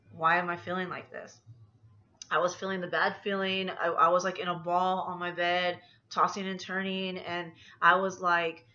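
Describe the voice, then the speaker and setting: A woman's voice: fairly low pitch, pushed and bright, muffled recording. A woman anxiety coach talking casually to camera in a personal vlog, rambling as she talks herself through her feelings.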